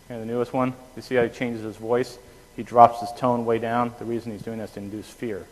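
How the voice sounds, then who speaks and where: A man giving a classroom lecture on anesthesia, explaining with homespun analogies and checking in with "okay?" after each point. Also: on the low side. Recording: reverberant lecture hall.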